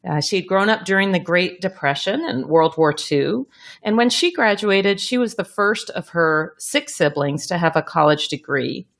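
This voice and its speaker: A woman's voice: on the low side, expressive, normal speed, a bit bright. A middle-aged woman hosting a podcast, talking in a reflective, casual way with easy laughs. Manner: reflective, laughs easily, talks in restarts. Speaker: podcast host.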